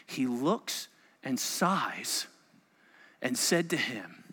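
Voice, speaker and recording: A male pastor preaching a sermon to a congregation, telling the story dramatically and dropping into quiet asides. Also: medium pitch, slow pace, husky, big-room sound. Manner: animated, dramatic storytelling with sudden soft asides. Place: church sanctuary.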